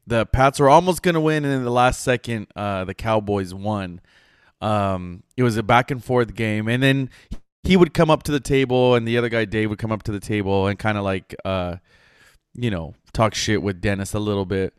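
A man's voice: on the low side, normal speed, smooth, no room sound, clean studio sound. A man co-hosting a podcast, telling a story in casual chat, acting out the people he quotes and swearing freely. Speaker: podcast co-host.

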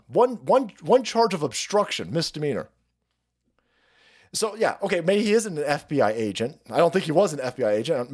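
A man hosting a livestream, ranting crudely about politics, stammering, restarting and laughing at his own jokes. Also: a little high. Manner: foul-mouthed, rambling, mocking, laughs at own jokes; reads out and thanks chat viewers. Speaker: livestream host. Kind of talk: profane political rant on a livestream.

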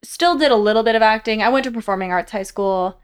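A young American woman, a guest actress, telling animated stories in a casual interview and acting out the voices she quotes. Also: on the high side, fast talker, clean tone. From United States.

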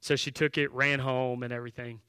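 A man's voice: medium pitch, level tone, brisk, pushed and bright, clear, resonant tone, no echo. A man preaching a sermon, telling a story in a conversational way and then making direct, emphatic appeals to the congregation. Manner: conversational, with filler words and restarts while telling a story. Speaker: pastor.

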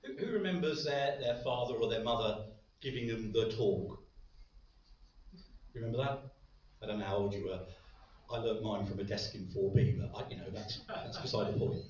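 This preacher's voice sits on the low side, a little mellow, moving at a moderate pace. He delivers his sermon lightly, adding jokes as he goes. The sound comes through as a very echoey, distant, dull recording from a large church hall.

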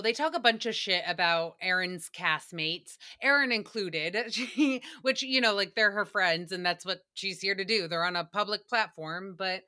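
A woman's voice: medium pitch, bright, forceful tone. A woman hosting a podcast, recapping a radio show in sassy casual chat, swearing freely, laughing often and acting out quotes. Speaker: podcast host.

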